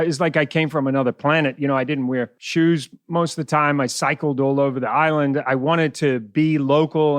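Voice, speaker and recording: A man's voice: fairly high pitch, dry recording. A middle-aged man from New Zealand with a blended New Zealand and West Indian accent, chatting as a podcast guest and telling stories with frequent laughs. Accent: mixed New Zealand and West Indian. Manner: chatty storyteller, laughs often. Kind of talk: casual podcast conversation.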